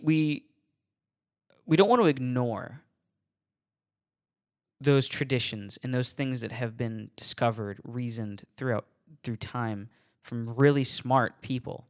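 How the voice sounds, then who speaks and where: A man talks through a solo podcast on faith in a relaxed, unscripted way. He chuckles between thoughts and trips over and repeats his words, while staying earnest about his points. His voice sits at an everyday middle pitch. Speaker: podcast host.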